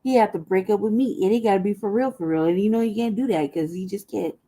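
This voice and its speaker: A woman's voice: medium pitch, fast, dark tone. A woman from the American South co-hosting a podcast, telling stories in casual, profane chat and laughing often. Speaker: podcast co-host.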